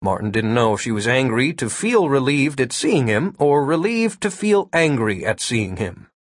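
Husky male narrator, lively pitch, wry storytelling delivery, dry read. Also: normal speed, no room sound. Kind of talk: scripted audiobook narration.

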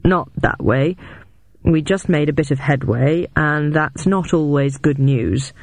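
A narrator voicing a calm, guarded middle-aged male agent who speaks slowly and quietly. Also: on the high side, no echo. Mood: candid. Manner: slow, hushed, measured.

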